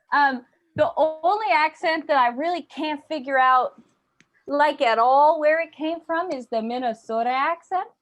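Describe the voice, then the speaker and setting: A young woman doing a stand-up comedy set, animated and slipping into accent impressions. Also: sits high, measured pace.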